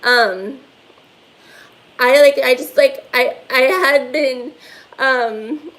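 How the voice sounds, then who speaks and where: A woman's voice: high-pitched, drawn-out words, fairly bright tone, rough recording. A woman hosting a casual livestream from her phone, rambling and swearing, with lots of "like" fillers. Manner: rambling, profane, heavy "like" fillers. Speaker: livestream host.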